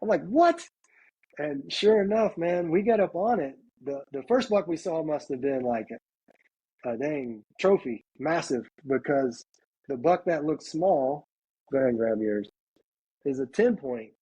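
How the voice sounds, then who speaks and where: A man's voice: a little high, measured pace, slightly rough, low-quality recording. A middle-aged man, a podcast guest, telling a hunting story casually and animatedly, often saying "like" and acting out what people said. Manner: animated storyteller, acts out quotes, heavy use of "like".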